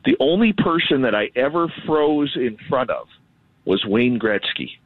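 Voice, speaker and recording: A man from Canada, a radio host, telling an animated, self-deprecating story in casual chat. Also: mid-range voice, unhurried, dry recording. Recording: tinny phone line.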